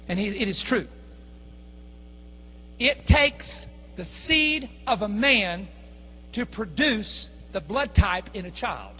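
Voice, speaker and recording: A man preaching a sermon, telling a story in an animated, emphatic way that builds to shouts. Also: extremely high pitch, measured pace. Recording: echoey hall with long reverb, mains hum.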